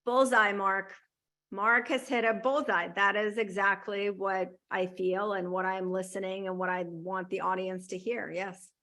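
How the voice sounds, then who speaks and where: Woman host backing up her guest, emphatic, bright clear voice. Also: medium pitch, flat delivery, measured pace. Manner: emphatic, affirming. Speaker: podcast host. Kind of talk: casual interview talk.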